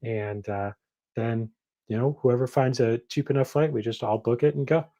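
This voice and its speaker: A man's voice: medium pitch, steady tone, normal speed, dark tone. Man co-host, dry humor, mid-range voice, rambling storyteller. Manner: dry, joking, rambling asides. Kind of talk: casual chat.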